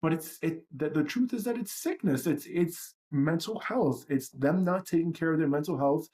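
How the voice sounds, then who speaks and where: A man's voice: fairly high pitch, moderate pace, dark tone. A man hosting a livestream, talking in a blunt, profane and self-reflective way. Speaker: livestream host. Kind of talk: candid livestream monologue.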